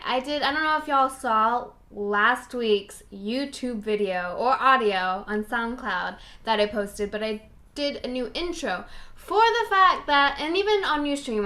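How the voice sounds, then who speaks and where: A woman's voice: fairly high pitch, a bit bright. A young woman hosting her own podcast, chatting casually in a bubbly, rambling way and laughing at herself. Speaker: podcast host. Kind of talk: casual solo podcast chat.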